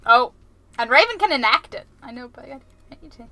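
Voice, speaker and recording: A woman's voice: high-pitched, expressive, fairly quick, pushed and bright, dry recording. A woman streaming a game, chatting casually and playfully with her viewers and making puns. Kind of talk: casual live-stream chat while gaming.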